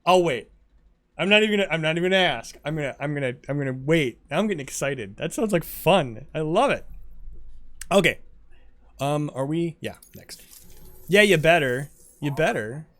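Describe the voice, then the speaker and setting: A man chatting casually with viewers while streaming a game, answering chat as he plays. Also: normal speed. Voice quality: lively, animated pitch.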